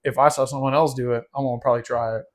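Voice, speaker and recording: A man telling a wild story on a podcast, animated and laughing, calling his cohost "dude" and "bro". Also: medium pitch, very fast. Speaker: podcast host. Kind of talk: casual storytelling chat.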